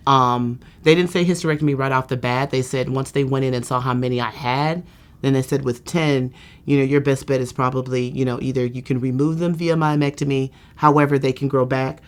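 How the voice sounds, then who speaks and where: A woman's voice: very deep voice, fairly quick. A woman giving a candid testimonial as a patient, telling her story in a chatty way and often saying "you know". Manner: lively, acts out quoted speech.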